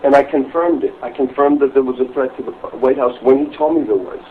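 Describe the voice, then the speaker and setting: A man's voice: medium pitch, brisk. A middle-aged man who was the target of prank calls, rambling over the phone, repeating himself and swearing freely. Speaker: prank call victim. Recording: muffled lo-fi call recording with faint hiss.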